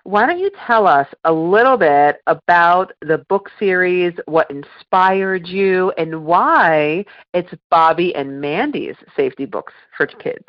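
Woman hosting an interview, lowish voice, dry dull-sounding audio. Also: animated, slow, hardly any pauses, no echo. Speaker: interview host.

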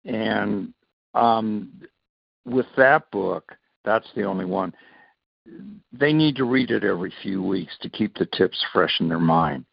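A man's voice: on the low side, takes it slowly, vocal fry, husky, no room sound, dull audio. A man being interviewed as a child safety author, telling stories and acting out the dialogue. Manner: animated storyteller, acts out quoted dialogue. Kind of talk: interview storytelling.

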